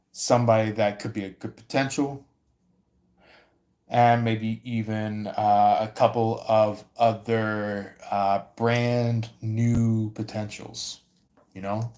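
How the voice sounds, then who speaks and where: Slow, flat-voiced man reading tarot. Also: on the low side. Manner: halting, with many fillers and restarts. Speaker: tarot reader. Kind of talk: casual livestream tarot reading.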